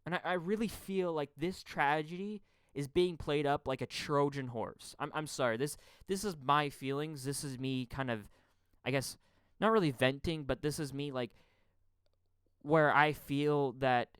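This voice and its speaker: A man from Canada hosting a podcast, ranting angrily about politics. He swears a lot, stammers and repeats words, and swings between loud outbursts and muttering. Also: on the high side, smooth, no echo. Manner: profane, stammering, repeats words when heated. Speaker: podcast host. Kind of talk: angry political rant.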